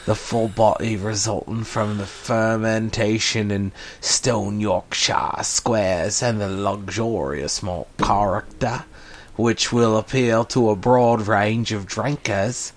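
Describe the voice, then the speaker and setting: Brief: deliberate, deep-ish male host, dry humor, casual beer chat. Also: steady tone. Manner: slow, wry, reads labels aloud jokingly.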